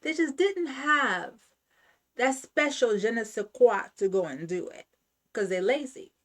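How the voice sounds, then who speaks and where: Slow, emphatic woman giving a pep talk. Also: on the high side, expressive, fairly bright tone. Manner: emphatic, repetitive, preaching. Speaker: channel host. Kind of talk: motivational self-help talk.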